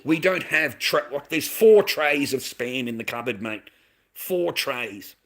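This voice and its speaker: A man's voice: medium pitch, animated, slow pace, fairly bright tone. An Australian man and father ranting to camera in a heated, swearing monologue, calling the listener mate. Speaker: vlogger, father.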